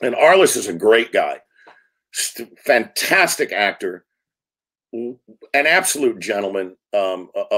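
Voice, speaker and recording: A man in his sixties, a film director, telling lively anecdotes in an interview and acting out quotes. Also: lowish voice. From United States. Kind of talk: storytelling interview talk.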